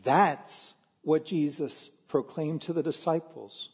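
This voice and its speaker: Husky guy preaching in church, from philly, kinda high voice, slow and earnest. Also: steady tone, a little mellow, long reverb tail. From Philadelphia. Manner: earnest, measured preaching with slow emphatic stresses. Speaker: pastor. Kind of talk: sermon.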